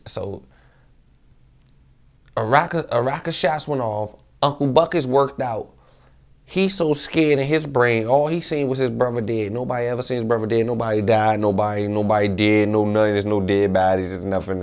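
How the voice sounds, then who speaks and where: A man's voice: lowish voice, a little mellow. A man casually telling a rambling street story to camera, slang-heavy and repeating himself.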